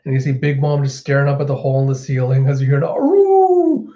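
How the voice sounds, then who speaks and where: A man's voice: medium pitch, completely flat delivery, racing, dark tone, lo-fi sound. A man giving casual reaction commentary as a manga reviewer, retelling scenes and acting out lines.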